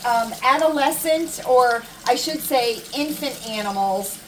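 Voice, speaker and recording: A woman's voice: a little high, unhurried. A middle-aged American woman vlogger telling stories and chatting casually to her viewers, repeating herself for emphasis. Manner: chatty, animated storytelling with repetitions. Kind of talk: casual chat to camera. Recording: distant mic with faint room noise.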